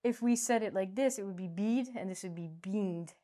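A woman teaching English vowel pronunciation in a playful, jokey way, with loud whoops and quiet asides to herself. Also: medium pitch, normal speed.

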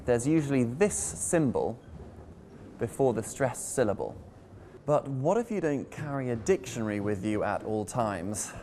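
Lively, slow-talking male teacher. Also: mid-range voice, slight background noise. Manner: playful and deliberate, spelling out words. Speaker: pronunciation teacher. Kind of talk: scripted English lesson.

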